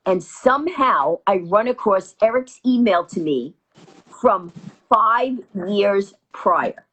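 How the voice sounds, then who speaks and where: A woman from New York telling stories as an interview guest, quickly acting out every quoted line. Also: mid-range voice, animated, fairly bright tone, husky, poor audio. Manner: rapid anecdotal storytelling, acting out quotes. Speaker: interview guest, comedienne and author. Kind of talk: animated storytelling.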